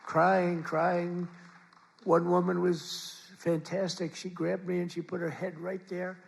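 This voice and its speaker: A man's voice: high voice, little pitch movement, slow, creaky. An older man giving a rambling, repetitive campaign rally speech from a podium microphone in a large event hall, with the audience heard around him. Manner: rambling, repetitive, boastful asides. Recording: live rally with crowd noise. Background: crowd and ambient noise.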